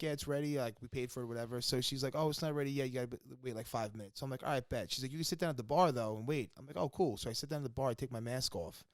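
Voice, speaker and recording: Fast-talking man telling stories. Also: medium pitch, dry recording. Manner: quick, animated retelling with quoted dialogue. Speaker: podcast co-host. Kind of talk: casual storytelling chat.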